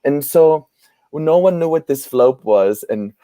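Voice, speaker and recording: Animated, laughing man telling stories. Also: on the high side, measured pace, no room sound. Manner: animated storyteller who laughs often. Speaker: guest playwright and performer. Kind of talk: storytelling in an interview.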